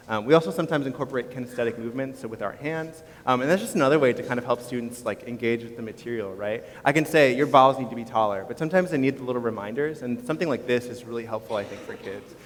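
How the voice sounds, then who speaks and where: A man, a choir teacher, leading vocal warm-ups at a school concert in an upbeat, encouraging, instructive way. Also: mid-range voice, a little hiss or hum. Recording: long hall reverb with audience.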